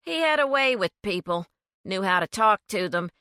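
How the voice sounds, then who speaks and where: A woman's voice: mid-range voice, expressive, normal speed, sharp tone, smooth, no echo, studio quality. Woman reading as a cold, menacing male criminal. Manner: curt, menacing, emotionless.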